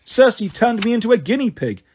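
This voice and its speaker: A man's voice: extremely high pitch, very animated, fairly quick, a little mellow, slight background noise, pitched above the performer's own voice. A man voicing a wry, flippant teenage boy demigod in a storybook reading.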